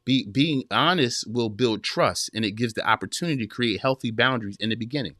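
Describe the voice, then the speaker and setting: A man's voice: medium pitch, fairly quick, sharp tone, no echo, clean studio sound. A man in his forties hosting an advice podcast, talking straight to listeners with emphatic repeated phrases. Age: 40s. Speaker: podcast host giving relationship advice. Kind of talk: casual counseling talk to listeners.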